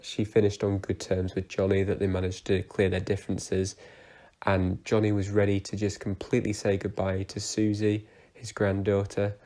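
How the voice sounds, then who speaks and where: A man's voice: fairly low pitch, warm tone. A young man giving a casual, rambling review of soap opera episodes, with lots of fillers and restarts.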